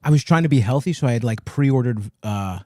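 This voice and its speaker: A man in his thirties telling a story on a podcast in casual chat, profane and self-mocking, jumping into high voices for quotes. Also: expressive, a little fast, mellow, no echo, studio quality.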